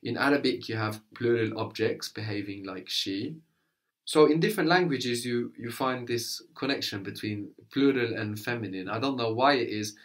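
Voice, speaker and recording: A man's voice: medium pitch, moderate pace. A man teaching a language one-to-one, prompting his student with questions and brief praise.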